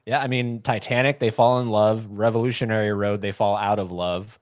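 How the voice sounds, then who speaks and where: A man hosting a podcast interview over a video call, easygoing and quick to laugh, with short replies between questions. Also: on the low side, fairly even intonation, no room sound, studio quality. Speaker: podcast host. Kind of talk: casual interview chat.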